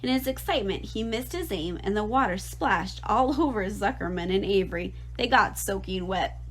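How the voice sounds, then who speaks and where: A woman teacher reading a children's novel aloud in an expressive, lively way. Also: medium pitch, moderate pace, slightly rough, poor audio.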